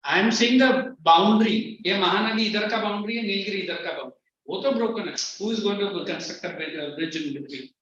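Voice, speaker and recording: A man with an Indian English accent lectures a class, mixing English with Hindi and staying firm with students. His voice sits high, a bit bright, and very fast. The classroom recording is distant, echoey and muffled, with faint noise.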